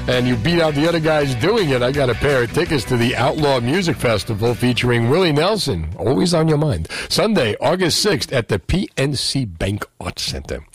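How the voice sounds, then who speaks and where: A man's voice: on the high side, fairly bright tone. A male radio host running a call-in show, joking and bantering energetically. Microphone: studio microphone.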